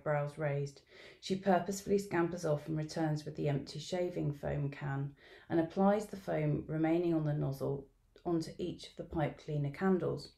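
A middle-aged woman reads her research notes aloud as a story, measured and reflective. Her voice sits low, with a gravelly edge of fry and a dark, mellow tone. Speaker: education researcher presenting at a symposium. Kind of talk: reading a field-note narrative aloud.

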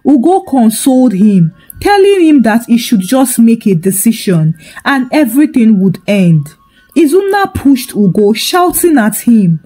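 A woman's voice: a little high, very animated, measured pace, warm tone, breathy edge, rough recording. A woman narrating a folktale in a dramatic storytelling manner.

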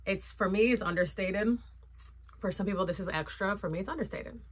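A woman's voice: mid-range voice, a little fast, husky. A woman vlogger chatting casually and playfully, with lots of fillers, about her sunglasses collection. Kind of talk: casual haul chat.

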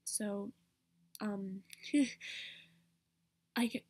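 A woman's voice: mid-range voice, steady tone, extremely slow, warm tone, breathy edge. A woman vlogger rambling casually as she explains how to do character voices. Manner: rambling, chatty.

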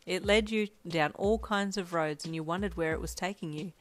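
A woman reading a fanfiction story aloud in second person, with a soft, quiet storytelling manner. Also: fairly low pitch, moderate pace. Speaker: fanfiction reader.

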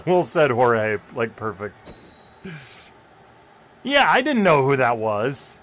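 A young man streaming a game live, chatting casually with viewers and yelping and shouting when plays get close. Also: mid-range voice, slow. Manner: excitable, yelps and shouts at close plays, joking with chat. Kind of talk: casual live gameplay commentary.

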